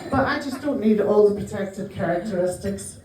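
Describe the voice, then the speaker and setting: A woman's voice: mid-range voice, lively intonation, crowd noise. Northern Irish woman doing dry stand-up. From Northern Ireland. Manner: dry, self-mocking storytelling with quick asides. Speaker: stand-up comedian. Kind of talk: stand-up comedy set. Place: small comedy club. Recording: roomy live venue, mic heard from a distance.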